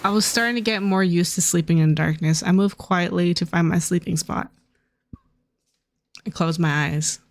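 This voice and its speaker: A woman's voice: on the low side, moderate pace. A woman streaming an otome game, reading its dialogue aloud and chatting playfully with her viewers, with small changes of voice for the characters.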